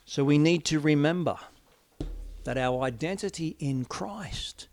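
A middle-aged man preaching a sermon, swinging from loud declarations to hushed, near-whispered lines. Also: a little high, a little slow, dry recording.

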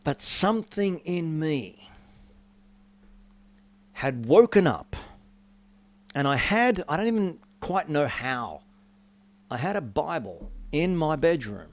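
A middle-aged man giving a sermon testimony, telling his story with dramatic rises and drops in pitch and volume. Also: sing-song, takes it slowly, pauses often. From Australia. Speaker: preacher.

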